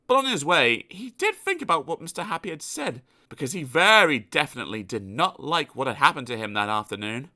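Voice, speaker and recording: Brief: male storybook reader, playful and animated, bright forward voice. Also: medium pitch. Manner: animated, playful asides to the listener. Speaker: audiobook narrator. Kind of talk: children's storybook reading.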